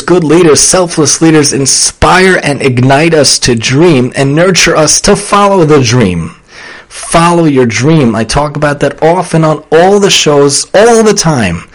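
Young male podcast host, slightly high voice, earnest and preachy, animated. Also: low-quality recording. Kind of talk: casual solo podcast talk.

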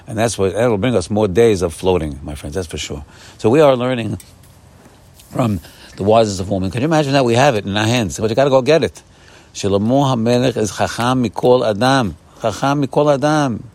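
Male Torah teacher, lower-pitched, informal exhortation with emphatic bursts. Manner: warm repetitive exhortation, often saying "my friends"; animated, rising bursts of emphasis. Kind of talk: informal morning Torah talk.

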